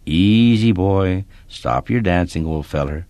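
A man voicing a calm, gentle old ranch hand who speaks softly, in few words, and kindly but firmly. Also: fairly low pitch, moderate pace, no echo, close to an everyday voice. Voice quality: calm, gentle, soft-spoken.

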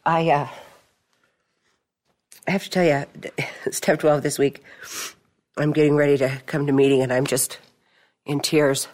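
A woman's voice: sits low, little pitch movement, unhurried, pauses often, a little mellow. Chatty middle-aged woman telling a story. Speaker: support group member. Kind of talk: testimony at a recovery meeting.

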